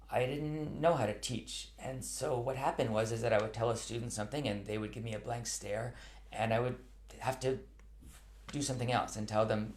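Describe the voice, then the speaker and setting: A man's voice: mid-range voice, slight background noise. A man who teaches cello, answering viewer questions in a live online chat in an earnest, thoughtful way, with many ums and restarts. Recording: roomy echo.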